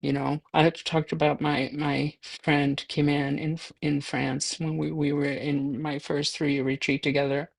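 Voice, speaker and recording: Gravelly-voiced nun giving a casual dharma talk. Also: female voice, low voice, level tone, unhurried, few pauses. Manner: conversational, self-deprecating, many fillers. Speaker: Buddhist nun teaching. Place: livestreamed talk.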